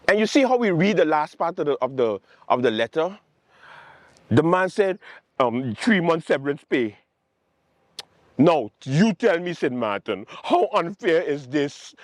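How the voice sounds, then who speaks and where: A man hosting a late-night comedy show, ranting about politics in a sarcastic, animated way. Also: on the high side, normal speed, dry recording. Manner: animated, sarcastic, mocking quotes and repetition. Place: outdoors with planes overhead.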